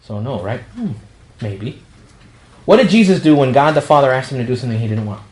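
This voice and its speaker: A man's voice: medium pitch, animated, brisk, a little mellow. A male priest giving a casual, humorous talk to a young adult group, acting out bits of dialogue as he goes. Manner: conversational and humorous, acts out quoted dialogue. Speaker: priest leading a young adult ministry meeting. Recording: echoey room with faint background noise.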